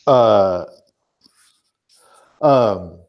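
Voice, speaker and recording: A man narrating as game master of a tabletop game, measured and dotted with fillers. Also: on the low side, lively intonation, highs cut off.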